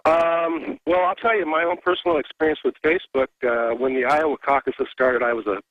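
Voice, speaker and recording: A man's voice: fairly high pitch, fairly even intonation, fairly quick, no echo, phone-quality sound. A man calling in to a radio talk show, speaking politely and a little hesitantly. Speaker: caller. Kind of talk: phone-in call.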